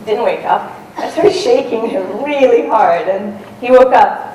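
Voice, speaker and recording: A woman's voice: on the high side, expressive, unhurried, warm tone. A woman giving a storytelling talk on stage, conversational, with frequent ums and restarts. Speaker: talk speaker, adventurer. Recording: roomy and distant with faint noise.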